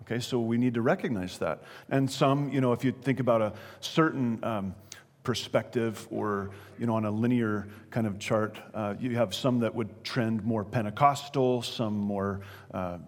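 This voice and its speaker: Conversational preacher in an echoing hall. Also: male voice, medium pitch. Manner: conversational, asks the audience questions. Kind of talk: sermon. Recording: long reverberant hall.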